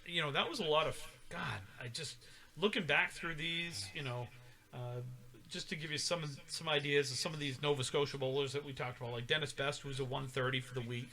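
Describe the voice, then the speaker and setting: A man's voice: on the high side, a little fast, bright, forceful tone. A middle-aged man co-hosting a podcast in casual chat, rambling through old scores with many fillers. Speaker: podcast co-host.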